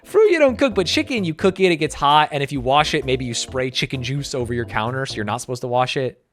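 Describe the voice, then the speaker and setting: A man's voice: medium pitch, fast talker, fairly bright tone, soft background music. An American man reacting to video clips on a stream, joking, swearing and ranting in exaggerated bursts. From United States. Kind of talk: casual reaction commentary.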